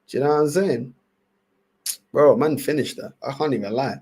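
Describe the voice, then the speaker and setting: A young man with a London accent hosts a livestream and reacts to clips in loose, slang-heavy chat. He laughs often and circles back to the same phrases. His voice sits at an ordinary pitch for a man. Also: normal speed, long pauses, husky. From England. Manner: animated, laughing, repetitive slang-heavy banter. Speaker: livestream host.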